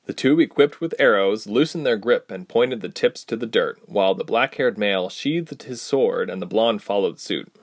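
A man narrating a fantasy storybook aloud, expressive and acting out each character. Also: fairly low pitch, moderate pace, few pauses, no echo, studio quality.

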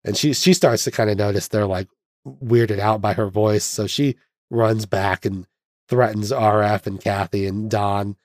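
A man's voice: lowish voice, fairly even intonation, unhurried, no room sound, studio quality. A young man hosting a podcast, casually retelling a film's plot with chuckles and mock voices. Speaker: podcast host. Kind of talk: casual film recap chat.

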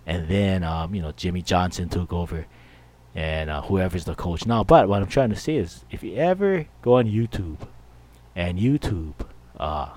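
A man's voice: low-pitched, lively intonation, normal speed, darkish tone. A middle-aged man hosting a podcast, rambling and jokey in a casual monologue. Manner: rambling, jokey, full of fillers. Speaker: podcast host.

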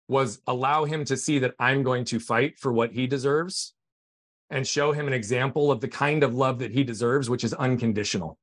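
A man's voice: medium pitch, a bit bright, no room sound, clean studio sound. Earnest middle-aged man telling a story. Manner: earnest, emphatic retelling. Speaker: podcast guest. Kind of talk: personal storytelling in conversation.

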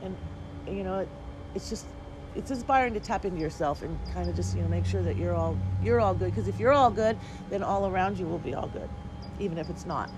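A woman's voice: fairly low pitch, a little fast, background noise. A woman co-hosting a casual talk show, chatty and rambling, often laughing. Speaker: podcast co-host. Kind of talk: casual chat.

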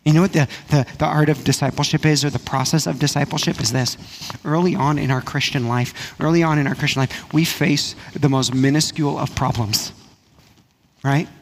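A man, a pastor, preaching a sermon in a conversational way, repeating phrases and dropping to a hush for emphasis. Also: on the high side, steady tone, slight background noise. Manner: conversational preaching with frequent repetition and "right?" asides; drops to a hushed, slow voice for emphasis.

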